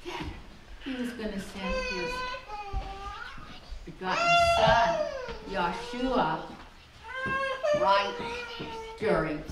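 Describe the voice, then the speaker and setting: An older woman from the United States gives a children's sermon, her storytelling voice leaping high and dropping low as she coaxes the little ones to listen. She is picked up from a distance in a big, echoing hall, with steady noise behind her. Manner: animated, sing-song storytelling to children. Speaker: children's teacher at a congregation. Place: large hall of a congregation. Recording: echoey hall, far from the mic, noisy.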